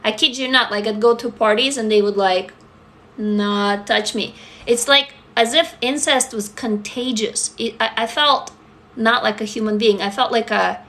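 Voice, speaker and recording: Author, female, candid live-stream chat; crisp, bright tone, swears freely. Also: on the high side, a little slow. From Russia. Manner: candid and blunt, swears freely, laughs through heavy topics. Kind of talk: casual live-stream chat answering comments.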